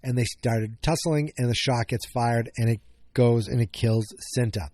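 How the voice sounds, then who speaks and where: Working through an episode recap, a male podcast host rambles loosely, stumbles over words, corrects himself, and throws in jokes. His middling-pitched voice sounds mellow and dark, spoken at normal speed. It is recorded close and dry, with no room sound.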